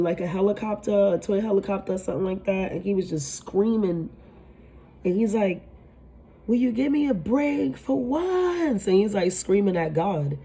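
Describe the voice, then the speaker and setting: Woman tarot reader, low mellow voice, chatty and rambling, swears freely. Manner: rambling, emphatic, swears casually, many fillers. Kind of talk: casual tarot reading to camera.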